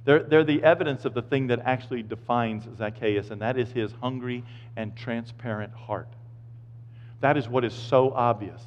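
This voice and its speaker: A male pastor preaching a sermon, swinging from loud, emphatic points to quiet, low asides. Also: normal speed, slight background noise. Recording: echoey hall, slightly dull sound.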